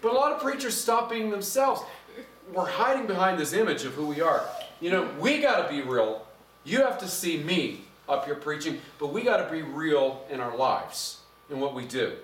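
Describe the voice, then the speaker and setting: A middle-aged male pastor delivers a conversational, animated sermon, his fairly high voice rising in volume as he preaches. He stands some way from the microphone, and the church around him rings with echo. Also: normal speed, a little hiss or hum. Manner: conversational, animated, gets louder when preaching. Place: church sanctuary. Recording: echoey church from a distance.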